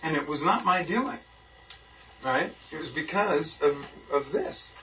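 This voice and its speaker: Man telling a story with bright energy. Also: on the high side, a little slow. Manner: lively, acts out the people in his story. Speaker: Bible study group member. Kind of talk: animated storytelling in a group discussion. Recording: muffled, from a distance, faint background hiss.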